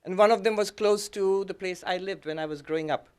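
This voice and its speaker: A man, a monk, giving a reflective talk that mixes his own story with teaching, speaking gently with frequent fillers and soft laughs. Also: high voice, a little fast, clean tone. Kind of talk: reflective lecture with personal story.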